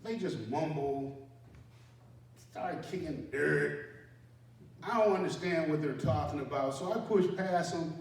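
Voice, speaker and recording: A man's voice: fairly high pitch, measured pace, pauses often. Man telling a story in an echoey room. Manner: conversational, self-deprecating, acts out panicked dialogue with sharp rises. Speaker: storyteller, former army sergeant. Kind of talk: live personal storytelling. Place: indoor room at a community center. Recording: very echoey room, mic far off, faint noise.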